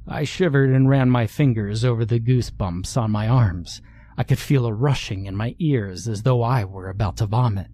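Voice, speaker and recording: A man narrating a horror story in a measured, deliberate way. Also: mid-range voice, warm tone.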